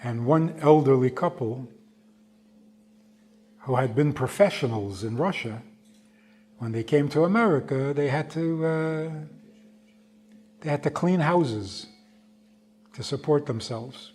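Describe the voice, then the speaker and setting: A rabbi giving a storytelling lecture at a slow, deliberate pace. His mid-pitched man's voice has a husky edge, and he draws out key words for emphasis. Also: darkish tone.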